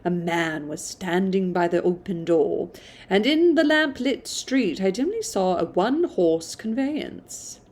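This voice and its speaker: A woman's voice: mid-range voice, expressive, measured pace, darkish tone. Woman reading a classic novel aloud. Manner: stumbles and restarts, self-commenting.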